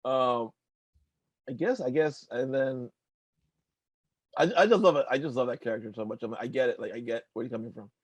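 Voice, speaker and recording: A man's voice: medium pitch, fairly quick, pauses often, husky, no room sound. A young adult man co-hosting a casual comics podcast, rambling in loose chat with lots of filler and the odd swear. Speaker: podcast co-host.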